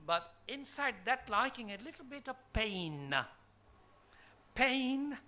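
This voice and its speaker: In a college hall, a conference speaker from Bangladesh gives an academic lecture, throwing emphatic rhetorical questions at the audience. The voice is medium in pitch, animated and sharp in tone, with a slow pace.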